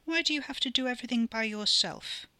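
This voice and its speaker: A woman voicing an ancient otherworldly male enchanter who speaks in measured, riddling questions. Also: fairly high pitch, bright, forceful tone, no echo, pitched above the performer's own voice. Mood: gentle.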